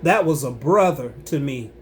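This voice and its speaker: A man's voice: mid-range voice, animated, normal speed, a little hiss or hum. A man giving impassioned religious commentary on his own channel, emphatic and preachy, repeating himself and breaking into angry rising outbursts.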